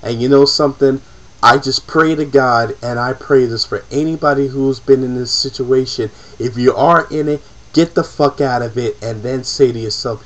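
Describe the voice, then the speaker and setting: A man's voice: mid-range voice, moderate pace, a bit bright. Impassioned man ranting on lo-fi audio. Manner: emotional, profane, repetitive. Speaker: vlogger. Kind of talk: impassioned personal rant to camera.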